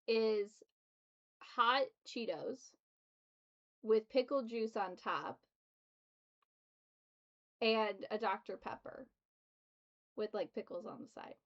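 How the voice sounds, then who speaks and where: A woman's voice: fairly high pitch, lo-fi sound. A woman hosting a tabletop game stream, chatting casually and giggling often. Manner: giggly, laughs often between words. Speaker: streamer and host.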